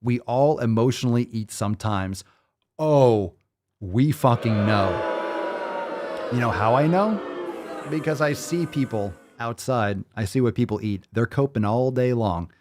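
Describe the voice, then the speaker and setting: With a mid-range voice and darkish tone, this podcast host rants his way through the episode, sarcastic, profane and blunt, tossing in mocking asides.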